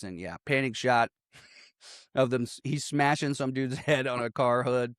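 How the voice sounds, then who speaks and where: A man's voice: medium pitch, moderate pace, clear, resonant tone, no echo, clean studio sound. A man casually recapping a movie as podcast co-host, laughing often and acting out characters' lines.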